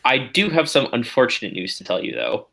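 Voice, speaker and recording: A man playing his character in a tabletop game, calm, measured and terse. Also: medium pitch, vocal fry. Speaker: player. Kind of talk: in-character role-play.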